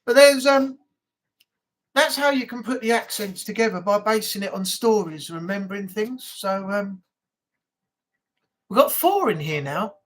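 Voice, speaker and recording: A man's voice: sits high, lively intonation, a little slow, long pauses, a bit bright, rough recording. Man, stream host, casual rambling chat at home. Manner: rambling, chatty, many fillers. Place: home room.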